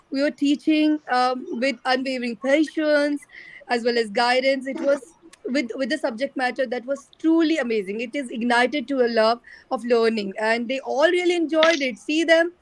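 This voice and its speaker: A woman's voice: sits high, normal speed, no room sound, poor audio. A woman thanking the teacher on behalf of the class, effusive and formal, calling her ma'am.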